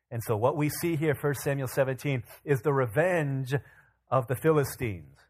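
A male pastor preaching a sermon in an animated, casual storytelling way. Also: mid-range voice.

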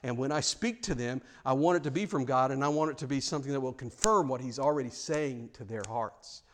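A man's voice: mid-range voice, a little fast, few pauses. A male pastor preaching a sermon in an earnest, frank way, often repeating words as he presses a point.

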